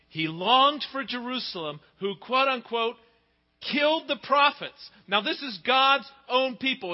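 Man preaching in an echoing hall. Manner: expressive storytelling, pitch and volume swing widely. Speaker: pastor. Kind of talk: sermon. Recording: dull sound with long hall reverb.

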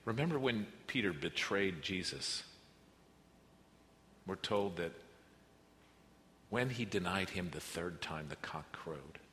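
A man's voice: sits low, lively intonation, takes it slowly, long pauses. Earnest male preacher in a reverberant hall. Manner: earnest, swings between soft and emphatic. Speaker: pastor. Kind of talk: sermon. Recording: reverberant hall with faint noise.

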